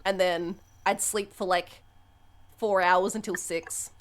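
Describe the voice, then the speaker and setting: A young woman streamer chatting candidly on a live stream, swearing freely and breaking into loud laughs. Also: lowish voice, fairly even intonation, slow, a little hiss or hum. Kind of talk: casual live-stream chat.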